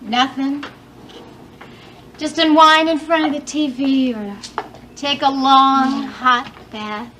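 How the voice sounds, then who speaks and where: Shy young girl in an 80s soap, high voice, slow talk, music in back. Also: steady tone, sharp tone, a little hiss or hum, full character voice. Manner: hesitant, modest. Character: shy young woman, Elena, working summer job. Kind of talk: 1980s TV soap opera acting.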